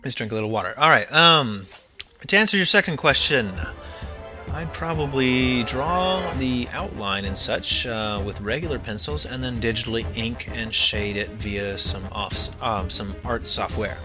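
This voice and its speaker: A young man hosting a casual podcast, reading listener emails in a halting way with many ums. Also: medium pitch, animated, music in the background. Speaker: podcast host.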